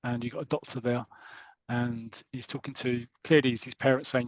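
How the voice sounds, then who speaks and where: A man's voice: medium pitch, fairly even intonation, moderate pace, dry recording. A man hosting a comics podcast, retelling a story in a chatty way with frequent restarts and reading passages aloud. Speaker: podcast host.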